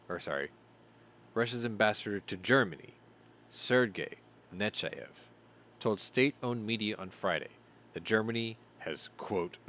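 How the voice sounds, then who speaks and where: A tired-sounding man with a lowish voice and a fairly bright tone hosts a show. He reads news headlines aloud, breaking off between them for sarcastic asides.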